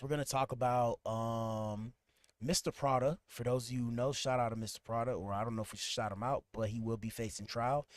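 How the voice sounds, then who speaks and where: A man's voice: lowish voice, no room sound. Slangy man hosting a livestream podcast. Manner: loose, slangy, talks to the chat while fixing his stream. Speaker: podcast host. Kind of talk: casual livestream chat. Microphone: streaming setup at a computer.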